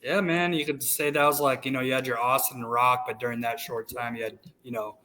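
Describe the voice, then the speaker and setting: A man's voice: mid-range voice, fairly even intonation, brisk, sharp tone, rough recording. Thirties man, podcast guest, loose storyteller, candid and a bit crude. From United States. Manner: candid, profane, rambling anecdotes. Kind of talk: casual storytelling chat.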